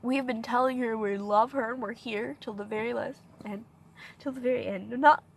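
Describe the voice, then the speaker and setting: A young woman talking to her own camera in a personal vlog, grieving, soft-spoken and halting, her sentences often trailing off. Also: on the high side, fairly even intonation, gravelly, slight background noise. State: grieving, emotional. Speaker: vlogger. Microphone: self-filmed on camera.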